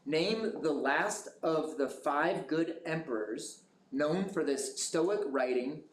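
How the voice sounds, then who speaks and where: A man moderating a school quiz bowl, reading questions slowly and carefully. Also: a little high, animated. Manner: slow, measured question reading. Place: school classroom. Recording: echoey room with noise.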